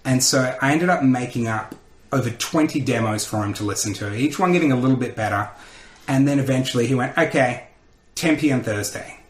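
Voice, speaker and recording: A man, a comedian telling lively stories in a podcast interview and acting out the voices of people he quotes. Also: medium pitch, fairly quick, roomy sound. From Australia. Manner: animated storyteller who acts out quotes. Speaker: comedian and radio host, podcast guest. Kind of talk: casual interview storytelling.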